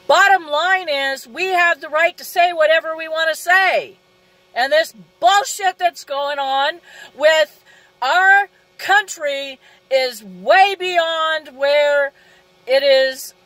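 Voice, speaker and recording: A woman's voice: sits high, a bit bright, no echo, rough recording. A woman ranting angrily straight to her audience, indignant, asking rhetorical questions and repeating "okay?". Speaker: vlogger. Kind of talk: angry direct-to-camera rant.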